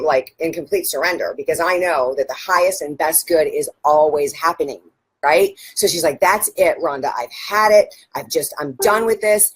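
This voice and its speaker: Animated, husky-voiced woman coach. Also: mid-range voice. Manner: animated storytelling with frequent "right?" check-ins; enthusiastic, occasional swearing. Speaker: life and business coach. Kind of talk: motivational live talk to an audience.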